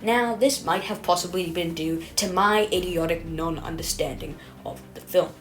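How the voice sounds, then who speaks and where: A woman's voice: on the low side, moderate pace. A woman reading her own video essay in a scripted, self-mocking, rambling way, stumbling over words and correcting herself.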